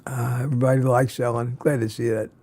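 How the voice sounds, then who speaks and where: A tired older man hosting a live stream, chatting casually and haltingly with lots of restarts. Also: medium pitch, little pitch movement, darkish tone. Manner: halting, many restarts and fillers.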